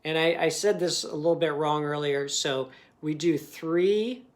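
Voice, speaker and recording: A man teaching a recorded phonics lesson for young students. He sounds out letters and words carefully and keeps checking in with a patient "okay?". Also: fairly high pitch. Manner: slow, patient, ends most sentences with a checking "okay?".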